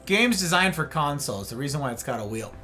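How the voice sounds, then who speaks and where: A man's voice: fairly high pitch, sing-song, quick pace, sharp tone, soft background music. Exasperated man ranting on a game stream. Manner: exasperated, ranting about controls; talks to chat and a friend. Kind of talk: live gameplay stream chat.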